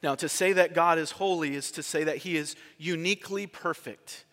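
In a large hall, a male pastor with a slightly high, fairly bright voice preaches at a moderate pace. His sermon is conversational, and he puts questions to his congregation.

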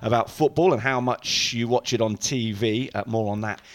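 A man's voice: medium pitch, steady tone, moderate pace. A man hosting a football podcast, introducing listener emails with dry, wry remarks. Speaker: podcast host. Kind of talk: casual chat, reading listener emails.

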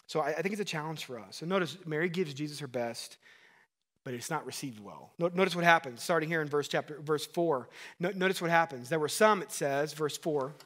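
A man's voice: on the high side, a little fast, fairly bright tone. A man in his thirties, a pastor preaching a sermon in an earnest, conversational way, asking the congregation questions and adding asides.

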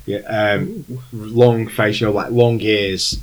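A man's voice: lowish voice, level tone, slow pace, poor audio. A man acting as game master, describing scenes in a rambling way with plenty of fillers. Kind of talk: narrating a tabletop game.

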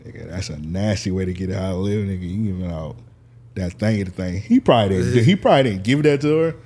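A man co-hosts a casual podcast and tells an animated story, acting out what people said with plenty of laughter. His voice is low and a little husky. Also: fast talker. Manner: animated storytelling, laughs often, acts out quotes. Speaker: podcast co-host. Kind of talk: casual chat.

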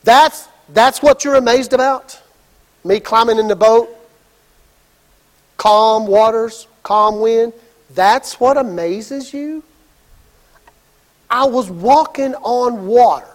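A man's voice: very high-pitched, slow pace, pauses often, long reverb tail. A man voicing Jesus in plain, conversational words during a sermon. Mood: incredulous. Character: confident male Jesus, showing his might.

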